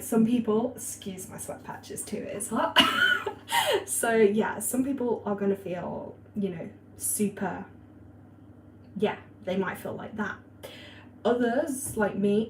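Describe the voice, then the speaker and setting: A woman's voice: medium pitch, darkish tone. A young woman hosting a casual livestream, rambling and chatty with lots of fillers, reading out viewer comments. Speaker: astrology and spirituality livestream host. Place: warm indoor room at home. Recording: echoey room with faint ambient noise.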